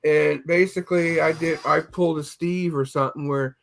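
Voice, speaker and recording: A man's voice: on the high side, steady tone, moderate pace, gravelly. A man on a casual streamed podcast chat, telling rambling comic stories and stumbling over repeated words. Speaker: podcast co-host.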